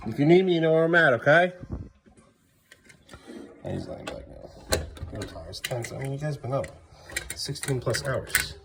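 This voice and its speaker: A man's voice: mid-range voice, sing-song, normal speed, creaky, long pauses. A dad's voice that rises and falls a lot as he talks to his children, coaxing them along and praising them as he goes. It is casual home-video talk with a faint hiss underneath. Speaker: father vlogging with his kids.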